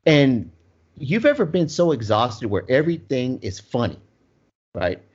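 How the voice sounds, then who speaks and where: Laughing storyteller man, lively pitch. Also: unhurried, breathy edge. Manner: animated, laughs often while telling. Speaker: storyteller guest. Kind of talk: casual anecdote. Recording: dull lo-fi sound.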